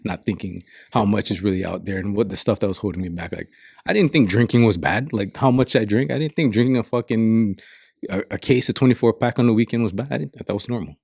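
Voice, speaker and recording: A man's voice: lowish voice, fast talker, gravelly, a little mellow, breathy edge, no room sound. A man from Saipan telling stories in a casual chat, frank and reflective, swearing often. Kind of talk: casual storytelling.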